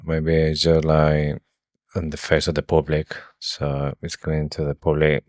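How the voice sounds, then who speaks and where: Very deep-voiced man, casual book chat. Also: monotone, measured pace, darkish tone, no room sound, clean studio sound. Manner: retells the plot with hesitations and fillers. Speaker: podcast co-host.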